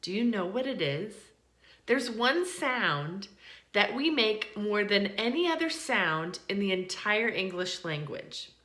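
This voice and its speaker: An American woman gives an English pronunciation lesson in a lively, bouncing voice that rises and falls a lot. She talks slowly and deliberately, stretching out example words, and her voice has a bright edge. The room around her sounds echoey. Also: mid-range voice. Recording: roomy echo.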